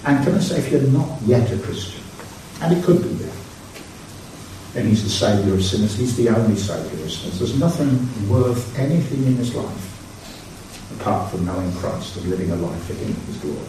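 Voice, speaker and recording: Guy giving a sermon, mellow tone, earnest then pushing hard, faint hiss behind. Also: lowish voice, lively intonation, moderate pace. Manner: earnest, building to urgent exhortation. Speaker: preacher. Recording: echoey hall, mic far off.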